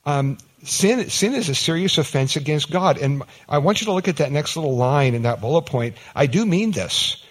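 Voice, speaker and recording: A man preaching a conversational sermon, his pitch swinging up for emphasis and down for weight. He repeats words as he builds a point and slips into short acted-out exchanges. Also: animated, moderate pace, hardly any pauses. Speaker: pastor.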